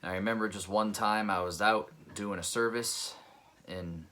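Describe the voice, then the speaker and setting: A man's voice: lowish voice, fairly even intonation, normal speed, bright, forceful tone, slight background noise. A man, a pest control technician, telling a personal story in an earnest, reflective, conversational way.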